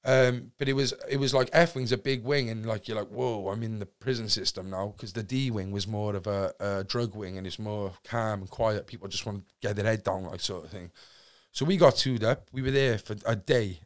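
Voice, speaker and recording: A young man with a Cardiff accent, a podcast guest telling a story in a casual, animated way and acting out what people said. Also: fairly low pitch, moderate pace. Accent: Welsh, Cardiff. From Wales. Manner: animated, acts out quotes, swears freely.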